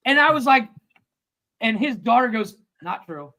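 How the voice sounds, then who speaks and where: A man in his thirties co-hosting a casual livestream chat, telling a long story with lively acted-out quotes and plenty of swearing. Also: very high-pitched, normal speed, rough recording. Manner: animated storyteller, acts out quotes, swears freely. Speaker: podcast co-host.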